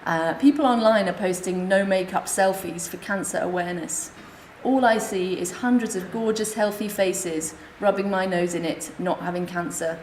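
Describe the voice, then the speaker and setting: A woman speaking at a conference, reading her comic memoir aloud in a wry, deadpan way. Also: medium pitch, normal speed, hardly any pauses. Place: hospital conference room. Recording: echoey lecture room, faint hiss.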